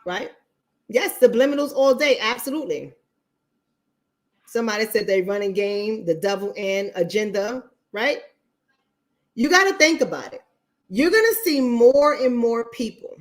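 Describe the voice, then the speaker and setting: A woman's voice: medium pitch, moderate pace. A blunt woman hosting a casual livestream, speaking straight to her audience. She swears freely and circles back to repeat her points for emphasis. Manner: blunt, profane, addresses viewers directly. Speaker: online talk show host.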